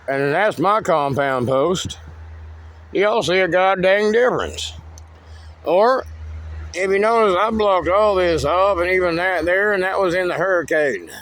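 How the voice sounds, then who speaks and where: A man's voice: high voice, unhurried, a bit bright. A man giving a rambling, cryptic walking tour of his wooded land outdoors, swearing freely. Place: outdoors in woods.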